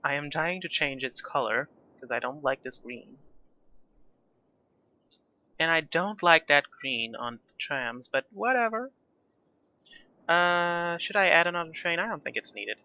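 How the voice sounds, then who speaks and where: A man's voice: a little high, lively intonation, unhurried, pauses often, sharp tone, highs cut off. A young man chatting casually over his own city-building gameplay, rambling and self-deprecating as he goes. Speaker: gaming YouTuber.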